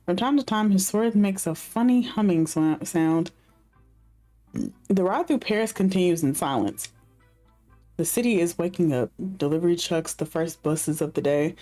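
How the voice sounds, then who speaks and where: A woman's voice: fairly low pitch, warm tone. A woman game streamer reading the story narration aloud, breaking off into chatty asides full of fillers.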